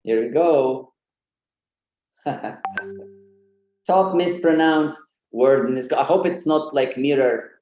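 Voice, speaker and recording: A man's voice: medium pitch, slow pace, long pauses, a little mellow, soft background music. Guy on a video call lesson, lots of uhs, kinda roomy sound, mid voice. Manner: hesitant, many fillers, light laughs. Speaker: Sanskrit pronunciation presenter. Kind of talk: informal online lesson.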